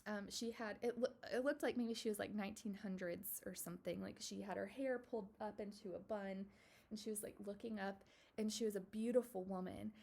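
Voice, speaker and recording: A young adult woman telling a personal story to camera in a casual, earnest way, with many fillers and soft whispered asides. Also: mid-range voice, steady tone, a little fast, creaky. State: tearful at moments. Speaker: vlogger.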